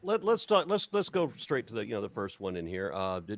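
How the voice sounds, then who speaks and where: A man's voice: on the high side, very animated, normal speed, gravelly, hardly any pauses. A man hosting a casual panel chat over a video call, reading scripture aloud in a jokey, irreverent way.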